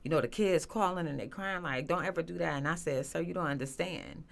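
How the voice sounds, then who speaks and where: A woman telling her personal story as a guest, earnest and halting, with many restarts and fillers. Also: low voice, gravelly. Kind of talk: emotional personal testimony.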